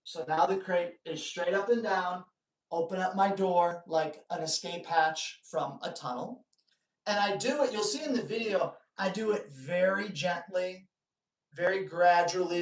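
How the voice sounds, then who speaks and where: A man hosting a live dog-training Q&A, telling stories in a lively way and joking with his viewers. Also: high-pitched, a little slow. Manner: animated storytelling, joking asides. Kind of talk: casual live-stream talk. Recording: echoey room, distant mic.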